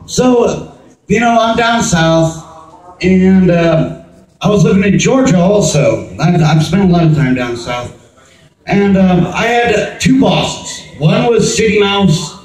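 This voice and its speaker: A man's voice: on the high side, a little mellow, recorded from a distance. A man from the US East Coast doing a rambling stand-up set, interrupting himself and laughing at his own jokes. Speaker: stand-up comedian. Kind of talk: open-mic stand-up set. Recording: echoey venue, mic from afar.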